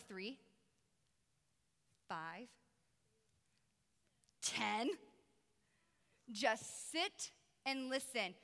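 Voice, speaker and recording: A woman youth pastor giving a lively, conversational sermon with emphatic pauses. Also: sits high, in a large hall.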